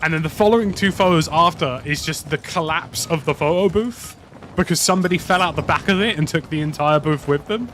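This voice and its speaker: A man's voice: on the high side, brisk, fairly bright tone. A British man casually telling a rambling, slang-heavy story while playing a game. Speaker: gaming YouTuber. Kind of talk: casual anecdote over gameplay. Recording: game sound noise under voice.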